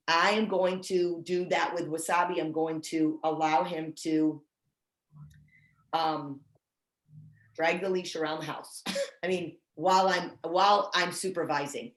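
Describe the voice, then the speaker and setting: Woman, dog trainer, casual video-call chat, roomy sound. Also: low-pitched. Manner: chatty, self-deprecating, restarts often. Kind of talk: casual online training talk.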